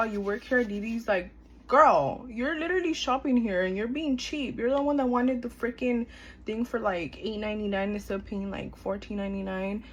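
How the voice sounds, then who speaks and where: A woman's voice: on the high side, moderate pace, rough recording. Chatty young woman telling a story. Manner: chatty, filler-heavy, acts out quoted dialogue. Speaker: storytime vlogger. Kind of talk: casual storytime chat.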